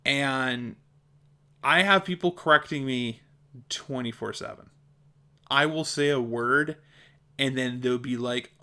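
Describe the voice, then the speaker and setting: Pauses come often as this young man speaks slowly in a medium-pitched, pushed, bright voice. He has a mild speech impediment and vlogs his opinions casually, bluntly and with exasperation, laughing between points.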